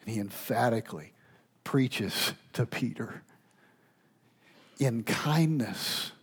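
Man, pastor, sermon, emphatic, loud then hushed. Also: mid-range voice, expressive, slow pace, husky.

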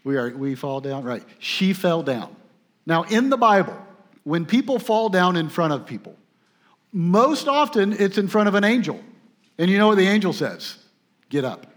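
Male pastor preaching, emphatic to hushed. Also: high-pitched, animated, moderate pace. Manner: swings from emphatic to soft and tender; conversational, with restarts and asides. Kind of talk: sermon.

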